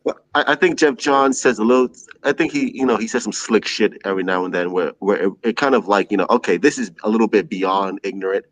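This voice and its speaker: A man's voice: on the low side, fast. A man hosting a livestream show, chatting casually, reading viewer comments aloud and laughing often.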